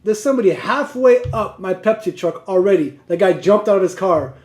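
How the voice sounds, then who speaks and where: High-pitched guy, truck driver telling a story, all over the place, echoey room. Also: brisk. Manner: animated, laughing, digressive. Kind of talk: casual storytelling vlog.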